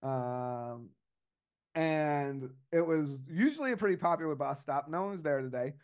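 Rambling, slightly high-voiced man telling a story. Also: expressive, normal speed, clean tone. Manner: rambling, hesitant storytelling with fillers and restarts. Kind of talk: casual podcast chat.

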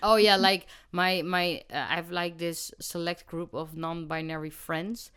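A man co-hosting a podcast in a studio, chatting in an animated way, swearing freely and laughing often. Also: on the high side, unhurried, smooth. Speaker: podcast co-host. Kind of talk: casual podcast chat.

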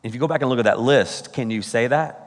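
A man preaching a sermon as pastor, animated, breaking into playful mock exasperation and sudden exclamations. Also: mid-range voice, fast talker, in a large hall.

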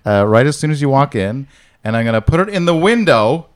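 Player, male, rambling, giggly, pitch jumps around. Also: very animated, a little fast, clean tone. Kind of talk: casual tabletop game play.

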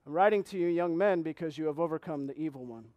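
A man preaching as pastor, reading scripture slowly and asking the congregation earnest questions. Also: on the high side, no room sound, muffled recording. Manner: reads scripture slowly, repeating key phrases. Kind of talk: sermon.

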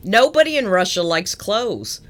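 A woman's voice: medium pitch, big pitch swings, a little slow, a bit bright. A woman co-hosting a casual podcast, playful and teasing, often giggling as she jokes. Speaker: podcast co-host. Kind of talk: casual banter.

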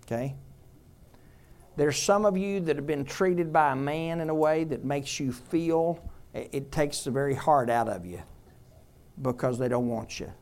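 A man preaching a sermon in a conversational way, quizzing the congregation and dropping to a hush on tender points. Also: a little high, measured pace. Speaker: pastor.

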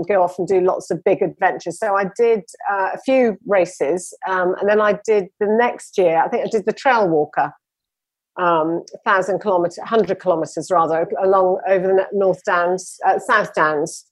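A woman's voice: medium pitch, normal speed, no room sound. A woman telling her running story with enthusiasm, rambling a little as a guest in a conversation. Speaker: interview guest.

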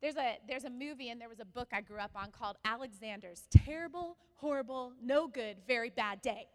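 A woman pastor preaching a sermon, telling a personal story with animated delivery and asking the congregation questions. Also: fairly high pitch, a little fast, long reverb tail.

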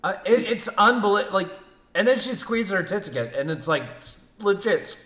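A man co-hosting a casual podcast, telling a story in an animated way and cursing freely. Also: high-pitched, moderate pace, roomy sound. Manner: animated storytelling, acts out quoted lines, swears a lot. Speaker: podcast co-host. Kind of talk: casual chat.

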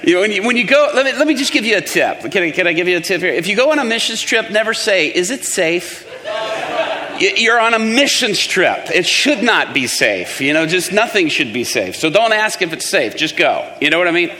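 A high-pitched, fairly quick male voice with a long reverb tail delivers a sermon built around a story. He is animated throughout, acting out the voices of those involved.

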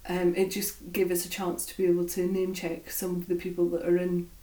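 A woman with a Scottish accent co-hosting a podcast, speaking slowly and deliberately in a friendly, chatty way and laughing often. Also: fairly low pitch, monotone, mellow. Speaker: podcast co-host. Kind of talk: casual podcast chat. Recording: roomy sound from a distant mic.

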